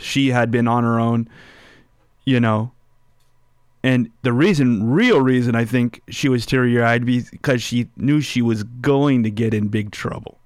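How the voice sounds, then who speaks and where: A man preaches a relaxed sermon at a slow, unhurried pace, speaking to listeners as if chatting with them. He often asks them questions and turns quiet and slow on his main points. The sound is dry and close, with no room echo. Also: medium pitch, clean tone. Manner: drops soft and slow on key phrases. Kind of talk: sermon with personal story.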